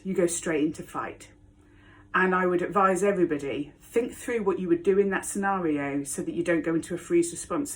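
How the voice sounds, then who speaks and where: A woman with a somewhat low-pitched voice recounts a personal story straight to camera. She is blunt and candid, and laughter keeps breaking into her telling. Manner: frank, blunt, laughs often while telling it. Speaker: vlogger.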